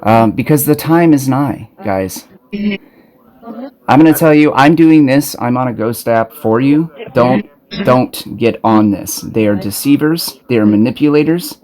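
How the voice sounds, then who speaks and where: A man's voice: mid-range voice, lively intonation, measured pace, darkish tone. A man from Arizona recording on his smartphone, delivering an urgent, profane spiritual warning with frequent stumbles and restarts. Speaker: self-made video preacher. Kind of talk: impassioned spiritual warning monologue.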